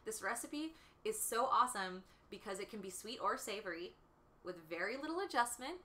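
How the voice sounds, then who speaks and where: A woman's voice: mid-range voice, lively intonation, brisk, sharp tone. A woman in her thirties hosting a casual livestream from her kitchen, chatty and bubbly, laughing often as she answers viewers. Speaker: livestream host and tea shop owner. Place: home farmhouse kitchen.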